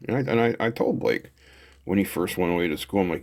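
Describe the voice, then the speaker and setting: Low gravelly man chatting at the workbench. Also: quick pace. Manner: relaxed, chatty, thinking aloud while soldering. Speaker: electronics hobbyist host. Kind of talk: casual build commentary.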